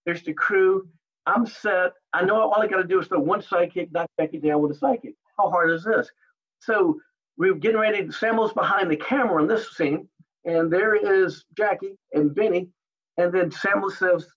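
A man with a high, husky voice tells animated stories from his fighting and film career in an interview, acting out other people's lines along the way. The recording sounds dull and lo-fi. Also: normal speed. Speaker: guest, martial artist and actor. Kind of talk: storytelling interview.

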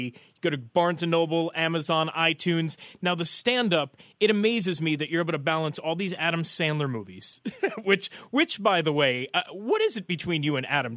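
A man's voice: fairly high pitch, fairly bright tone, no room sound, studio quality. A man hosting a radio talk show, asking his guest leading questions with enthusiasm. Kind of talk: radio interview.

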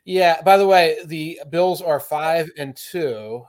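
A man appearing as a guest football writer on a casual sports podcast, animated and jokey, slipping into mock voices. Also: on the high side, slow pace.

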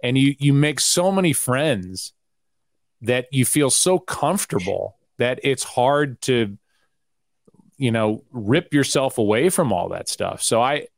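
A middle-aged man chats candidly on a podcast, spinning stories with quick asides. His voice sits in a mid range and sounds dry and close, with no room around it. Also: mid-range voice, animated, vocal fry, dry recording. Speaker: guest sportscaster. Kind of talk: casual podcast chat.

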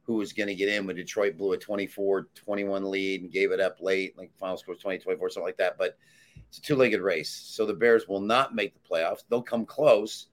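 A man's voice: low voice, steady tone, brisk. A man handicapper in casual sports talk, confidently and emphatically giving his betting picks.

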